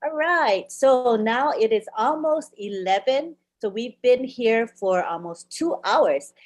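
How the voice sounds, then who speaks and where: A woman's voice: on the high side, animated, takes it slowly. A woman hosting an online webinar, encouraging and wrapping things up with guests. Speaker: webinar host. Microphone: video call.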